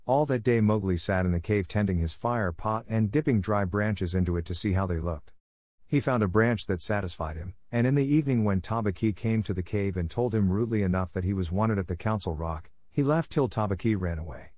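Low-voiced man reading a story. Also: a little mellow, no room sound, studio quality. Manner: measured storytelling. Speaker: narrator. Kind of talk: audiobook reading.

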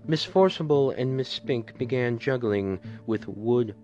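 A man reading a storybook aloud as a podcast narrator, in a measured, steady way. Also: medium pitch. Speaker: podcast reader. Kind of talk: audiobook narration. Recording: dull lo-fi with faint music.

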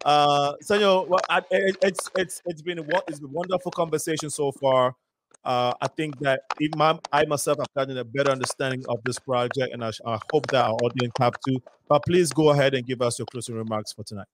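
Halting Ghana-born talk show host. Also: male voice, mid-range voice, steady tone, noisy background. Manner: halting, many restarts, laughs at himself. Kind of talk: community talk show hosting.

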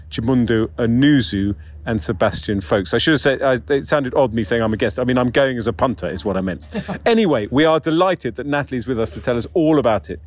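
A man hosting a podcast interview, introducing guests chattily with jokes and quick self-corrections. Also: mid-range voice. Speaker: podcast host.

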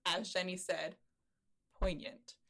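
Chatty woman with a lowish voice. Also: level tone, takes it slowly, a bit bright. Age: late 20s. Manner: chatty, enthusiastic, many fillers. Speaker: podcast co-host. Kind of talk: casual chat.

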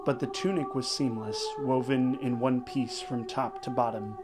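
A man's voice: mid-range voice, steady tone. Solemn man reading scripture over music. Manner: measured, solemn reading in short phrases. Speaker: rosary prayer leader. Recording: voice over clear background music. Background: sacred choral music.

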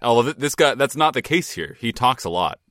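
A man's voice: mid-range voice, very animated, brisk, a bit bright, dry recording, studio quality. A man co-hosting a casual movie commentary podcast, rambling and joking as he reads his notes. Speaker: podcast co-host.

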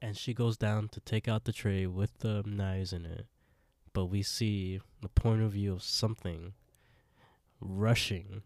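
A man's voice: on the low side, steady tone, unhurried, gravelly, darkish tone, dry recording. A man co-hosting a podcast, casually retelling a TV episode, acting out the lines and laughing often. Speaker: podcast co-host. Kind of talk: casual recap chat.

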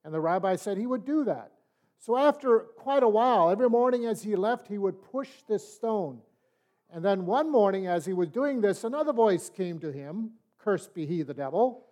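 An older man teaches a Bible study, telling parables in a relaxed, conversational manner. His voice sits fairly high for a man. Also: normal speed. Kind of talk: sermon-style storytelling and teaching.

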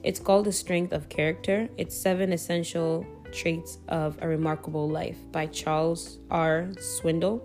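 Young woman, faith podcast host, lowish voice, loose chatty delivery with fillers, soft guitar behind. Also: moderate pace, hardly any pauses. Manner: chatty, relaxed, frequent fillers and self-corrections. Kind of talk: casual faith podcast chat.

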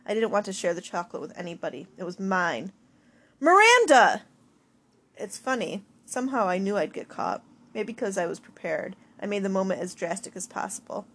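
A woman's voice: mid-range voice, quick pace. A woman narrating a first-person audiobook in an emotional, confessional diary-like reading.

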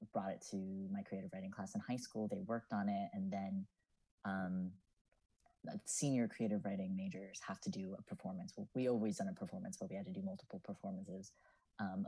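Mellow husky-voiced young man. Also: deep voice, poor audio. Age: 20s. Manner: reflective, earnest, with many fillers. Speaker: podcast guest, student writer. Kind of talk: casual podcast chat.

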